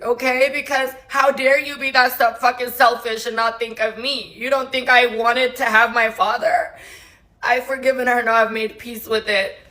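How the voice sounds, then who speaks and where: A woman's voice: a little high, sharp tone, low-quality recording. A woman talking openly about her family in a blunt, emphatic way, with some swearing. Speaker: interviewee. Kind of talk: emotional confessional talk.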